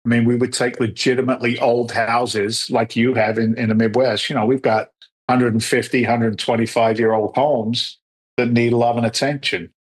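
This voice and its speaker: A middle-aged man telling stories as a podcast guest, acting out the dialogue lively as he talks. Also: medium pitch, normal speed, slightly rough. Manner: animated storyteller who acts out quoted dialogue. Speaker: podcast guest, real estate investor. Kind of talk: storytelling interview answers.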